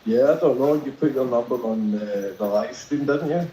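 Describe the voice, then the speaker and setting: A man's voice: mid-range voice, moderate pace, warm tone, echoey room, a little hiss or hum, low-quality recording. A man calling into a livestream, hesitant at first and then wry and argumentative. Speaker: caller. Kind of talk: phone call into a livestream.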